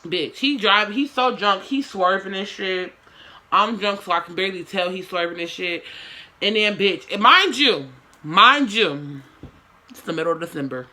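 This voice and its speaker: A woman's voice: mid-range voice, lively intonation, normal speed, pushed and bright. A young woman telling a story to her camera in casual slang, with swearing and lots of dramatic asides.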